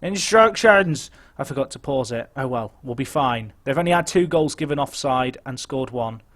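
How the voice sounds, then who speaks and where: A young man giving chatty live commentary on a football management game, nervous and excitable, muttering and then shouting. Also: mid-range voice, brisk. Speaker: game streamer.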